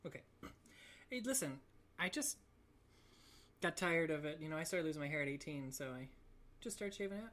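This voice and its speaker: A man's voice: on the high side, animated, brisk, pauses often, a bit bright. A man from New York co-hosting a casual chat, hesitant and self-deprecating, with many fillers. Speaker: podcast co-host.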